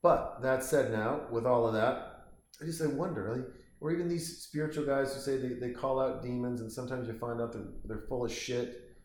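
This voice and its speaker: A man's voice: mid-range voice, moderate pace, darkish tone, roomy sound. A man giving casual, rambling commentary while watching a movie at home, swearing now and then. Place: home, lying on a couch.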